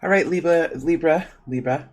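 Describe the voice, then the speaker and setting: A man with a slightly high voice gives a solo tarot reading. He speaks softly in his morning voice and repeats his invocations over and over as he shuffles the cards. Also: moderate pace, a little hiss or hum, poor audio. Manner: soft-spoken, repeats invocations while shuffling. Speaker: tarot reader.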